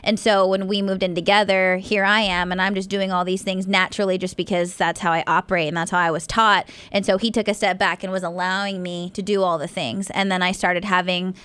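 Chatty bright-voiced young woman radio host. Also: medium pitch, a little fast, few pauses, clear, resonant tone. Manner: chatty, frequent "like", animated retelling, swears casually. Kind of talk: casual radio show chat. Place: radio studio.

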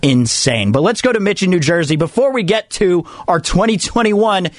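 Sports radio guy, kinda high voice, dry close mic, rambles and restarts a lot. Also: lively intonation, moderate pace, no room sound. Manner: chatty, rambling, frequent restarts. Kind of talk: sports talk show monologue.

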